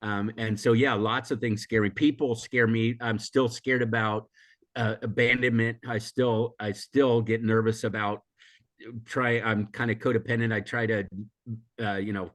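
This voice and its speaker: An older US man, a guest in a casual interview who teaches emotional intelligence, talks at normal speed in a lowish voice with little pitch movement. He's reflective and rambling, with frequent restarts, self-corrections, and laughter. Recovering from a recent illness, he remains hoarse and coughs.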